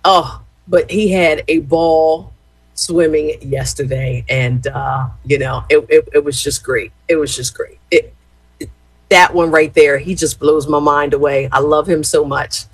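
A woman's voice: low voice, steady tone, a little slow, breathy edge, no echo, rough recording. A woman in her fifties telling a rambling family story to her viewers, chatty, with lots of fillers and "y'all". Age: 50s. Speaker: former gospel radio host.

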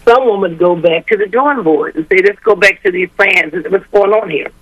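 This older woman, an education advocate guesting on a radio interview, hammers her points home again and again in a rallying, emphatic way. She has a mid-range voice and talks a little fast. The low-quality recording has no echo.

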